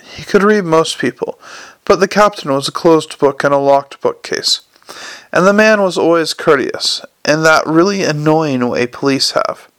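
A man reading a comic novel aloud as narrator, in a dry, measured storytelling manner. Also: a little high, a bit bright, clear, resonant tone, dry recording. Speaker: audiobook narrator. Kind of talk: scripted narration.

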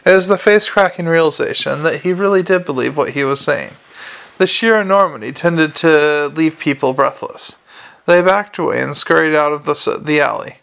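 A man narrating a novel aloud in a steady reading voice, with small slips and restarts. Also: on the high side, moderate pace, vocal fry. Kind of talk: amateur audiobook reading.

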